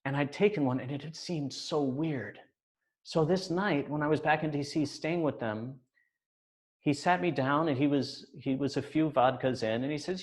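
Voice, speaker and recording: A man's voice: medium pitch, moderate pace. Man telling a wry personal story. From United States.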